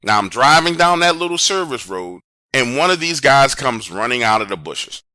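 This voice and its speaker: Bright, lively man telling a story. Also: mid-range voice, no echo, studio quality. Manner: animated, conversational, dramatic pauses. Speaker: horror storyteller. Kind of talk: first-person storytelling.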